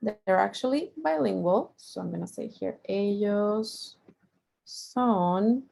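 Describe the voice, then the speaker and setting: A woman's voice: medium pitch, lively intonation, normal speed, vocal fry, warm tone, slightly rough. A middle-aged woman teaching a Spanish lesson, patiently repeating each point and drawing out the example words. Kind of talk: language lesson.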